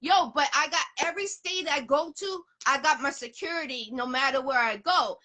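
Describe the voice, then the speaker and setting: A woman's voice: high-pitched, moderate pace, pushed and bright. A woman from the area, hosting an interview in blunt, profane, emphatic casual talk. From Boston area, USA. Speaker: interview host.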